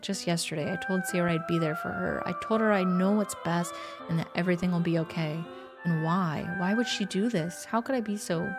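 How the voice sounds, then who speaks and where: A young woman streamer reading a visual novel's narration aloud, steady and earnest, with shrieking scared reactions in between. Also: medium pitch.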